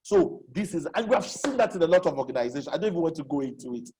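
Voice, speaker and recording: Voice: mid-range voice, lively intonation, very fast, a little mellow, breathy edge, rough recording. A presenter giving a live online lecture as facilitator, repeating key questions and checking that listeners follow. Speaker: webinar facilitator. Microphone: video call.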